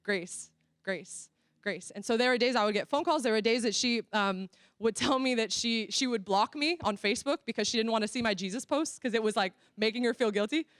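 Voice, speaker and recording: Speaking fast in a higher-pitched voice, this young Floridian woman tells stories with animation and acts out dialogue during a relaxed church workshop talk in a sermon style. The studio-quality recording has no echo.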